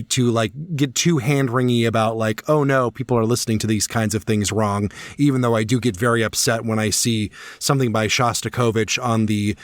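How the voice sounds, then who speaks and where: A man's voice: mid-range voice, no room sound, clean studio sound. A man hosting an opera talk podcast, chatting casually with his co-host, laughing often and restarting his sentences. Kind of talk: casual chat.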